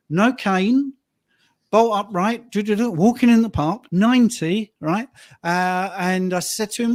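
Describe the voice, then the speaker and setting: A man's voice: high-pitched, animated, unhurried, a little mellow, no echo, studio quality. Man telling coaching stories. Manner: anecdotal, gets emotional telling stories. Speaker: fitness and rehab coach. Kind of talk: casual panel chat.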